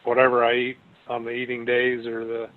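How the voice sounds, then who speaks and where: A man's voice: mid-range voice, monotone, fairly quick. A man talking casually as an interview guest, rambling with many restarts and fillers. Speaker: guest sharing his weight loss story. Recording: tinny phone-like line.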